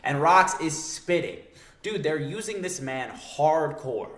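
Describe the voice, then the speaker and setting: Young male host, hyped and slangy, very lively, echoey room. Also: fairly high pitch, takes it slowly. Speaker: manga breakdown video host. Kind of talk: excited, profane, casual commentary.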